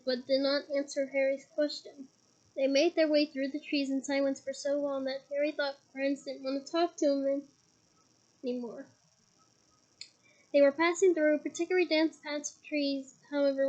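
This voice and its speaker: Young woman with a head cold reading a novel aloud, high, mellow voice, dramatic storytelling. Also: lo-fi sound. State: head cold, occasional coughing. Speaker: reader.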